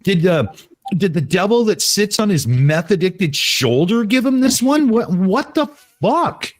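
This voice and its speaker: A profane, scornful man running a live stream. His voice rides high and leaps around in pitch as he talks. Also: very animated, a little slow. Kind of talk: heated live stream chat.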